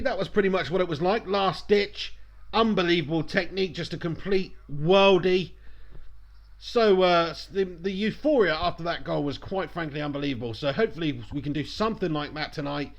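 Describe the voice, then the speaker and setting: A man commentating live on a football match for his stream, chatty and bursting into excitement at chances. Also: a little high.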